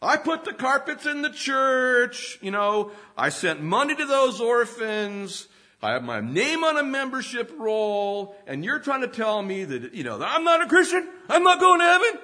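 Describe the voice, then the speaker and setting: A man voicing an indignant, self-righteous churchgoer, huffy and shrill. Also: big pitch swings, fairly quick, few pauses, bright, forceful tone, heavily acted.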